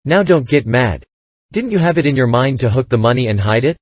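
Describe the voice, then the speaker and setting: A man's voice: mid-range voice, animated, a little fast, no room sound, close to an everyday voice. A man reading aloud, voicing a sly, sarcastic old male con-man king who wheedles. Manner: sarcastic, then pleading.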